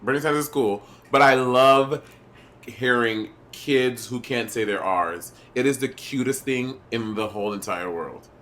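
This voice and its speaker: A man's voice: mid-range voice, unhurried, fairly bright tone. A man co-hosting a podcast in casual chat, loose and teasing, swearing freely. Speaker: podcast co-host.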